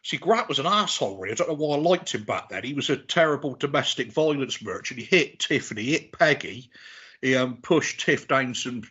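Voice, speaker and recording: A man in his forties rambling through a long, swear-laden story, restarting his sentences as he goes. His voice is husky. The recording sounds a little dull and lo-fi. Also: medium pitch, expressive, a little fast, pushed and bright. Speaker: podcast guest. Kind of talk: casual chat.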